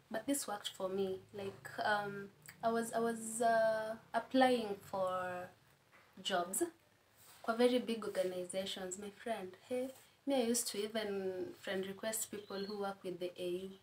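Young woman, Kenyan accent, chatty guest, friendly asides, mid pitch, faint background hum. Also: steady tone, measured pace. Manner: chatty, laughs at her own stories, friendly asides. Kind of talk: casual advice-giving conversation.

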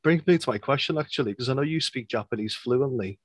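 A man's voice: medium pitch, quick pace, husky, dry recording. A man from the Czech Republic co-hosting a casual interview, asking brief, friendly questions. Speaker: co-host.

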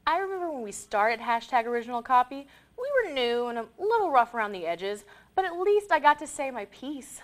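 A woman's voice: sits high, sing-song, brisk, hardly any pauses. A young woman co-hosting a comic student TV show, delivering an indignant, complaining rant. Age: young adult. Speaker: co-host.

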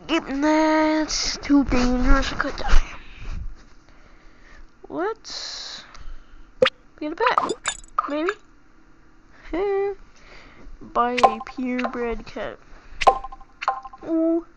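A woman's voice: sits high, lively intonation, drawn-out words, long pauses. A young woman casually commenting while she plays a life simulator game, reacting aloud and reading out menu options. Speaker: gamer playing a life simulator. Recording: dull lo-fi sound with clear background noise.

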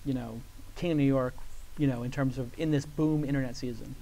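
At a live event with an audience, a male guest in a storytelling interview spins a long anecdote, animatedly acting out the voices of the people in it and leaning heavily on "like" as filler. His medium-pitched voice moves fairly quickly with some vocal fry, over slight background noise.

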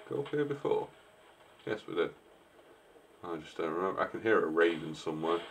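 This low-pitched, creaky male voice is animated and fairly quick, though broken by long pauses. As a gameplay streamer, he cracks jokes in casual let's-play commentary and answers the characters on screen.

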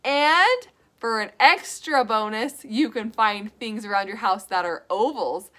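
Bright, high-voiced preschool teacher woman. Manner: slow, sing-song, encouraging prompts to children. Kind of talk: interactive preschool lesson.

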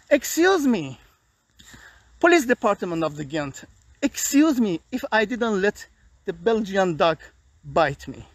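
Recording a personal video complaint in a park, this high-voiced vlogger speaks halting non-native English, sounding tired and agitated. There's no room sound at all.

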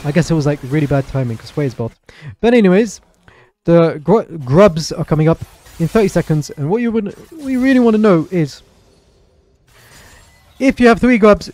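Chatty young man streaming gameplay. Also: fairly high pitch. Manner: excitable, chatty, apologetic asides to chat. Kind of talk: live gameplay commentary.

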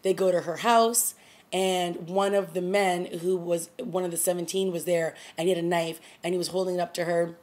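A woman's voice: on the low side, steady tone, moderate pace, darkish tone. A woman talking casually to camera as a TV review vlogger, retelling scenes with quoted lines and small laughs. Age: adult. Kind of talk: casual chat.

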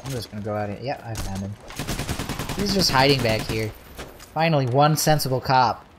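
A man's voice: medium pitch, animated, normal speed, noisy background. A man giving casual, joking commentary while playing a video game with a friend. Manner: joking, wry remarks. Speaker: let's play commentator.

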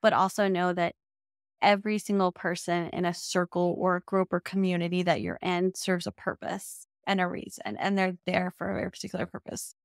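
A woman's voice: fairly low pitch, brisk, no echo. A young adult woman speaks on her own podcast as a business coach. Her talk is casual and heartfelt, and she sounds close to tears at times. The recording is dry, with no room sound. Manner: heartfelt, emotional, says y'all often.

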